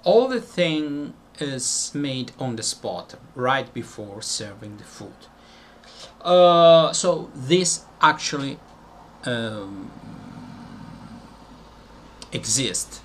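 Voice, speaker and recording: A man's voice: medium pitch, sing-song, very slow, slight background noise. A man from Italy with an Italian accent touched by British and American tones, explaining casually with many fillers and self-corrections. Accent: Italian, mixed with British and some American. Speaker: video host.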